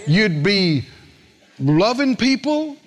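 A man's voice: high voice, sing-song, slow pace. A man preaching a sermon, telling stories with quoted voices and asking the congregation questions. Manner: storytelling with acted quotes, asks the congregation questions. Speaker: pastor.

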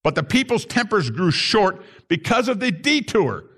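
A man with a high-pitched voice delivers a sermon from the pulpit. He reads scripture aloud and lifts his voice on the key points. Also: big pitch swings, moderate pace, a bit bright. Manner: emphatic preaching, voice rises on key points. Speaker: pastor.

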